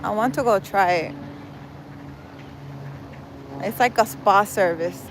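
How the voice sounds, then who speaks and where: A tired woman hosting a relaxed livestream, chatting with viewers and answering their comments while walking through a park. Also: medium pitch, slow pace, low-quality recording. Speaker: livestream host. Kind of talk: casual chat with viewers. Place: outdoors in a park. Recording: loud wind noise outdoors on a phone. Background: loud wind noise.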